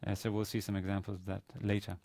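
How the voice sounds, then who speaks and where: A man giving a university grammar lecture, pausing often with fillers and restarting his sentences. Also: on the low side, completely flat delivery, vocal fry, a little mellow. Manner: hesitant, many fillers and restarts. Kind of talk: classroom lecture. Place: university classroom.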